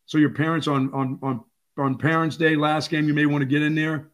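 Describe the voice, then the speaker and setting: An older man co-hosting a sports talk show, telling lively stories and acting out quotes. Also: on the high side, brisk. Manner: animated storyteller, acts out quotes. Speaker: sports radio co-host.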